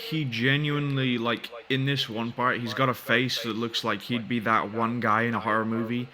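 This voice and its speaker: A man's voice: medium pitch, flat delivery, normal speed, over loud music. A man critiquing a YouTuber in a reaction video, blunt and exasperated, swearing heavily.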